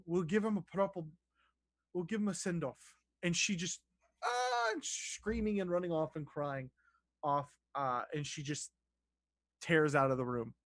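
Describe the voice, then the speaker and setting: A man's voice: a little high, a bit bright, no room sound, studio quality. Casual game master man. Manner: casual, filler-heavy narration. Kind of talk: narrating a tabletop game.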